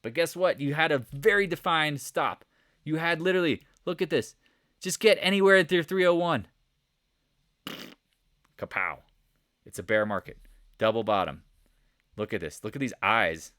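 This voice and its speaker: A man giving a casual, joking stock market recap over charts, animated and rambling, with sound effects. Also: on the high side, normal speed, dry recording, clean studio sound. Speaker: market commentator.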